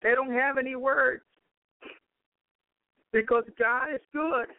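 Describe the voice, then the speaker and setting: A woman gives a fervent sermon-style testimony at a slow, unhurried pace. Her voice sits high but stays fairly flat in melody. The sound is narrow and tinny like a phone line. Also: no room sound. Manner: fervent, peppered with praise exclamations. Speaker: preacher. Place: home in Chicago.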